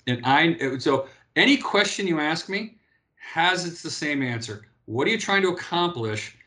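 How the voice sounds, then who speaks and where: Animated man in his fifties, higher voice. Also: moderate pace. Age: 50s. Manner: animated storyteller, repeats and restarts often. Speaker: interview guest, former pro athlete. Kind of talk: casual interview talk.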